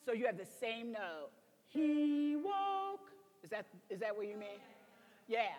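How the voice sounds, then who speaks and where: A woman's voice: mid-range voice, moderate pace, big-room sound, muffled recording. A woman coaching a choir through a gospel song, speaking her instructions and breaking into sung demonstrations. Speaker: vocal coach teaching a choir. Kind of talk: singing lesson.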